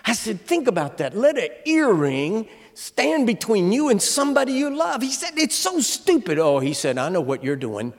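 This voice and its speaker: A man in his seventies preaching a humorous sermon as a guest speaker, telling stories with comic timing and shouting at the big moments. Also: high-pitched, very animated, normal speed, hardly any pauses. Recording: long reverb of a large hall.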